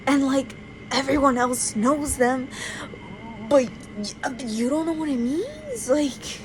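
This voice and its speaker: A young woman vents on her phone, sounding exasperated and incredulous as she drags out her words at an unhurried pace. Her voice sits a bit high for a woman, with a casual, chatty delivery. There is faint noise behind her. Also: expressive. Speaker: vlogger. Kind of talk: casual ranting monologue.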